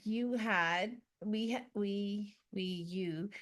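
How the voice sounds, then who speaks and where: A woman's voice: mid-range voice, drawn-out words, fairly bright tone. A woman, guest-hosting a podcast in casual chat, playful and self-mocking, sounding tired. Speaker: guest host.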